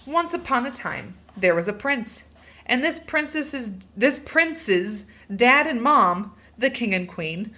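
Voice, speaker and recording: Her voice sits a little high as she reads a picture book for children aloud. She sounds animated and playful, elongating words for emphasis.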